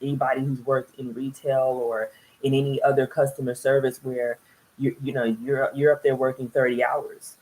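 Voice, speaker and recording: A woman giving a casual video review of a TV show, chatty and animated, laughing often and mimicking the people she talks about. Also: rumbling low, poor audio. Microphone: solo video recording.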